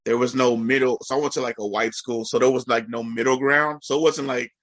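Rambling, bright-voiced man telling stories. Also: medium pitch, steady tone, a little fast, no echo. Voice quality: slightly nasal, congested. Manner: rambling, filler-heavy storytelling with lots of "like". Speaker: educator. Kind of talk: casual podcast chat.

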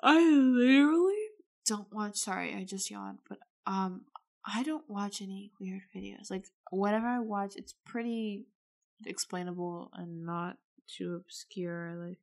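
A woman's voice: mid-range voice, expressive, measured pace. A teenage girl co-hosting a casual podcast chat, with a blunt, wry, laid-back manner. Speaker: podcast co-host.

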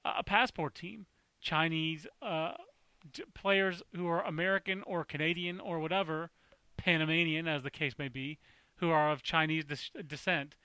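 A man co-hosts a casual sports podcast, drifting into long anecdotes and fixing his own slips mid-sentence. His voice is bright and smooth, a touch higher than most men's. The sound is dry and close. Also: steady tone, moderate pace, dry recording. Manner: rambling, anecdotal, self-correcting. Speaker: podcast co-host.

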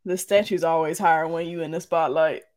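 A young woman, co-hosting a podcast in relaxed, slangy banter. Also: deep voice, a little fast. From Mississippi, USA. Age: 20s. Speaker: podcast co-host. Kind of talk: casual chat.

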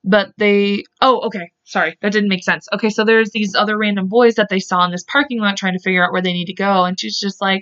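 A woman's voice: medium pitch, fairly even intonation, brisk, hardly any pauses, fairly bright tone. A woman hosting a podcast, casually recounting a true-crime case, rambling and correcting herself, swearing freely. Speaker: podcast host. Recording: dull lo-fi podcast audio.

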